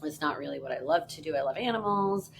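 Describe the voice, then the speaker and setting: Low-voiced wry woman podcast guest. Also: fast talker, gravelly, a little hiss or hum. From New York. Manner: wry, relaxed storyteller. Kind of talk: casual chat.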